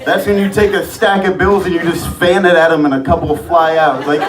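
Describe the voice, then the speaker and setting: A man's voice: a little high, steady tone, fairly quick, few pauses, noisy background. A man doing a profane, rambling open-mic stand-up set on a comedy club stage. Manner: profane, rambling, loose delivery. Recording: echoey club from far off, crowd laughter.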